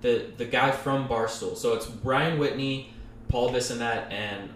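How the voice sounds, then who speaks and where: Halting man chatting in an echoey room. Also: mid-range voice, a bit bright. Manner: halting, restarts often, laughs. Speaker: podcast co-host. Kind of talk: casual chat. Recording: echoey room with faint hum.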